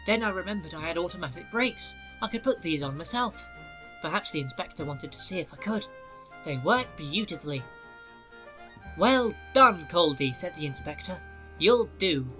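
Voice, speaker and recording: A man voicing a calm, wise older male engine who talks in a gentle, thoughtful way. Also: a little high, moderate pace, soft background music.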